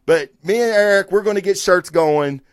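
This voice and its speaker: A man's voice: high voice, moderate pace, smooth, dry recording, clean studio sound. A man hosting a comic book review stream, talking casually and rambling, swearing and answering his chat.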